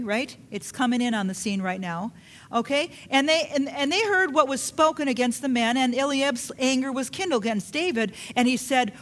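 A woman's voice: fairly high pitch, a bit bright. A woman preaching a sermon in a conversational way, reading scripture aloud and asking her listeners questions. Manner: reads scripture aloud, then retells it.

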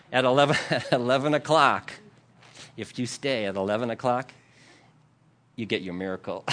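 A man's voice: medium pitch, fairly bright tone. A man preaching a sermon, telling a story with lots of laughs and acted-out quotes. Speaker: pastor.

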